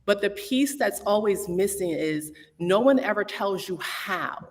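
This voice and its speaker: A woman who owns a studio, speaking on a panel in a measured, instructive way. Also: medium pitch, lively intonation, big-room sound.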